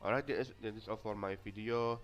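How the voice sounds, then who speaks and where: A man's voice: on the low side, fairly even intonation, quick pace, faint music behind. Young Indonesian man reading class notes. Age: young adult. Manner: reads from notes with frequent restarts and stumbles. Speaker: student presenter. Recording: dull lo-fi audio.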